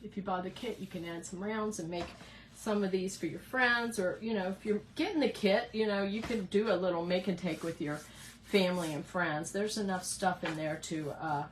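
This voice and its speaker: A middle-aged woman talks through a live craft painting demo at an even middle pitch, greeting viewers by name and thinking aloud as she paints. She is recording in her home craft room, with a faint hiss under her voice. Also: moderate pace, rough recording. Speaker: craft host.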